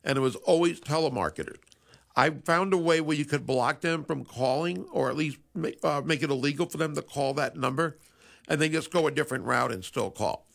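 A man's voice: a little high, fairly quick, creaky, fairly bright tone. A man hosting a sports radio show, telling a story in a rambling, conversational way. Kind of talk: casual radio monologue.

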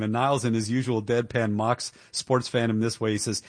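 A man's voice: medium pitch, little pitch movement, fairly quick, hardly any pauses, dry recording, studio quality. A man hosting a political talk radio show, speaking in an indignant, emphatic way with occasional chuckles.

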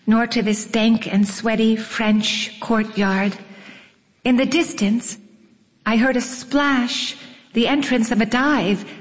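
Slow, wry woman narrator with reverb. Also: a little high. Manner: wry, unhurried storytelling. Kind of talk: audiobook memoir reading. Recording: long reverb.

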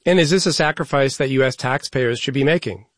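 A young man conducts a news interview with measured, pointed follow-up questions. His voice is mid-pitched and dry, recorded close with no room sound. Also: no room sound.

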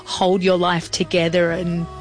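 Low-voiced woman in an old clip. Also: monotone, unhurried. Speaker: singer recalling a performance.

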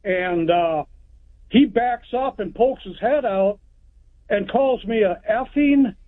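A man's voice: sits high, takes it slowly, no room sound. A man from Texas calling in to a radio show, telling a story in a plain-spoken, rambling way. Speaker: caller. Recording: tinny phone line.

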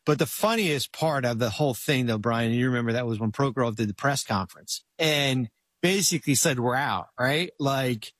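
A man's voice: medium pitch, normal speed, fairly bright tone, no echo. Middle-aged guy rambling through a story, lots of restarts, dry close sound. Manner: rambling, with many restarts and fillers. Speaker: guest telling a story. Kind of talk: casual storytelling chat.

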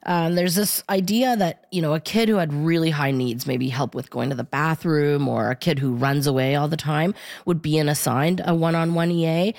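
Low, gravelly-voiced woman reporter. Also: moderate pace, darkish tone, dry recording, studio quality. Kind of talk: radio report in conversation.

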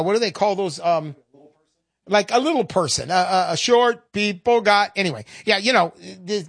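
Sarcastic woman with a lively pitch. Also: breathy edge, no room sound, studio quality. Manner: sarcastic, emphatic and chatty. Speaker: sales spokesperson. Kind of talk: direct sales pitch.

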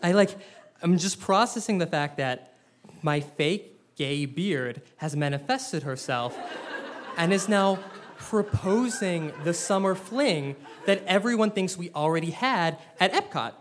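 A young man telling a personal story live to an audience, wry and self-deprecating, with animated delivery. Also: high-pitched, a little slow, slight background noise.

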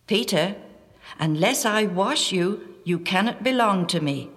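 A woman voicing a calm, gentle adult male teacher in a measured tone, in a read-aloud Bible story. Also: medium pitch, long reverb tail.

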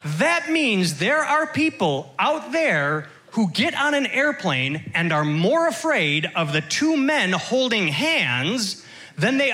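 A man doing stand-up comedy with a deliberate setup-and-punchline delivery. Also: high-pitched, pushed and bright.

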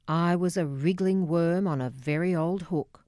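A woman narrating her memoir in a reflective, measured, wry way, close on a studio mic. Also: lowish voice, dark tone, no room sound.

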